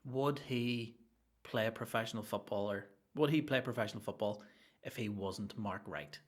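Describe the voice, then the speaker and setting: A young adult man with a Northern Irish accent, hosting a solo comedy podcast with an animated, sweary rant that jumps from topic to topic. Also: lowish voice, normal speed. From Northern Ireland. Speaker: podcast host.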